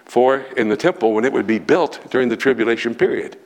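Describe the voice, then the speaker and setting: A man's voice: mid-range voice, fast, a little mellow, close to an everyday voice. A man voicing an earnest rabbi who explains temple preparations in a matter-of-fact, confiding way. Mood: explaining.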